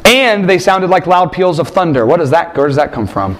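Man, preacher, sermon with scripture reading, slightly high voice, emphatic, repeats phrases. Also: sing-song, fairly quick. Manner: emphatic, rhetorical questions, repeats phrases for stress.

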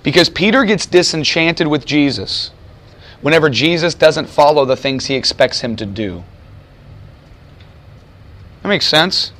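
A man's voice: fairly high pitch, animated, measured pace, long pauses, a bit bright. A man preaching a sermon to a room of students, conversational and emphatic. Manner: conversational, emphatic, voices quoted figures. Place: chapel or lecture room with audience.

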